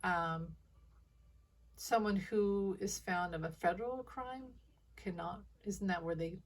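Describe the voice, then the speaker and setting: A woman's voice: medium pitch, slow, far from the mic. A woman giving casual intuitive commentary in a rambling way, often restarting her sentences and laughing. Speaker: intuitive reader.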